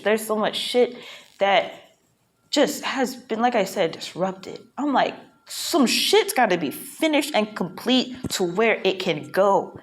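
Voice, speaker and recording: A woman vlogging a casual, reflective monologue, rambling and frank with plenty of profanity, from a hotel room. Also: medium pitch.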